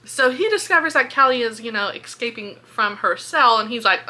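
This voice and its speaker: A woman casually retelling a book's plot in a video review, chatty and animated, swearing and filling with "like". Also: fairly high pitch, normal speed, hardly any pauses. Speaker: book reviewer. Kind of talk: casual book-review vlog.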